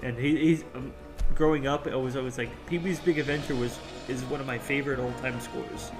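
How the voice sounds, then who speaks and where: A man's voice: medium pitch, fairly even intonation, brisk, music in the background. A man co-hosting a podcast in casual chat, blunt and profane as he chimes in. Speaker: podcast co-host.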